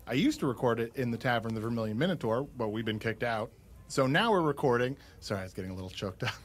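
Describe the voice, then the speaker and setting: A man hosting an improvised comedy podcast, earnest and a bit flustered, often stumbling over his words. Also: medium pitch. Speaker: podcast host.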